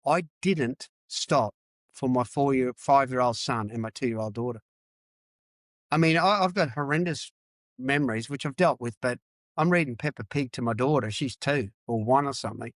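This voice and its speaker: Middle-aged man from Australia, candid and emphatic podcast guest, mid-pitched, dry recording. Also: moderate pace, dry recording. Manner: emphatic, repeats phrases, swears. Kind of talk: candid interview talk.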